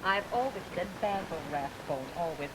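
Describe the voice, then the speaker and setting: An actress playing a flustered, starstruck young wife in a vintage radio comedy, with excitable, breathless chatter. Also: female voice, lowish voice, moderate pace, lightly acted. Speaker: radio sitcom character. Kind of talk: 1950s radio comedy acting. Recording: hissy vintage radio recording.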